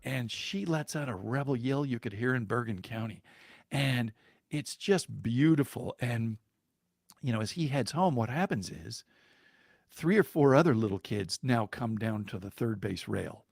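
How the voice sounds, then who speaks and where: A man telling a story on a podcast in a lively, chuckling way, with fillers and restarts along the way. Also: medium pitch, measured pace, vocal fry, no echo, studio quality. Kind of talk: conversational storytelling.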